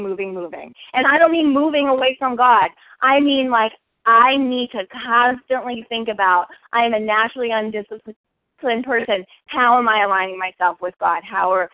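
Woman, high voice, earnest recovery share, rhetorical questions, telephone-like audio. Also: no room sound. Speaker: meeting member sharing. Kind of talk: personal share at a recovery meeting. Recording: phone-like dry line.

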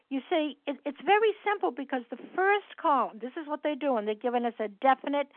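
Brief: woman meeting leader, fairly high voice, chatty step-by-step explainer, phone-line sound, dry. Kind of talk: sharing at a recovery phone meeting.

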